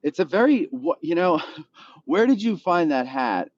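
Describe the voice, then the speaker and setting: In his morning voice, a man hosts a live stream from his car, chatting directly to viewers and answering their comments in an easygoing, rambling way. His voice sits on the high side, sing-song and a little slow, and the sound is lo-fi.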